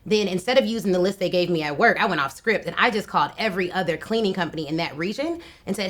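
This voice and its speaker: A woman's voice: on the low side, quick pace, few pauses. A woman in her thirties, a podcast guest, telling stories in a casual interview with lots of energy and frequent laughter. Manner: energetic storyteller, laughs often.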